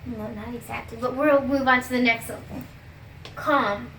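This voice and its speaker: A young woman in a comedy sketch, playing a teacher who spells out words slowly with exaggerated patience. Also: a little high, fairly even intonation, fairly bright tone, roomy sound, a little hiss or hum. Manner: exaggerated, patient-then-exasperated teacher delivery, stretches out words.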